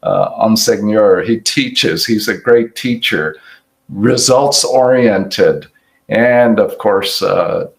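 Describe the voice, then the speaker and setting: Slow gravelly older man lecturing. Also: on the low side, rough recording. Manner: halting, reflective, many restarts. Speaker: hepatologist giving award lecture. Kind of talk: academic lecture with slides.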